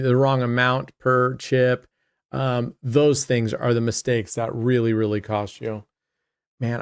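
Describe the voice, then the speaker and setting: A man's voice: medium pitch, clean tone, no echo, clean studio sound. A man hosting his own channel, chatting casually to viewers as he plays roulette, often trailing off mid-sentence. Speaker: host. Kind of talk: casual commentary while playing roulette.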